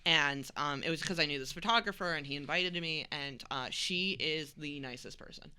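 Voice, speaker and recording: A woman's voice: low-pitched, clear, resonant tone. A young woman, a guest cosplayer, chatting casually on a podcast and laughing readily. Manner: animated, quick to laugh.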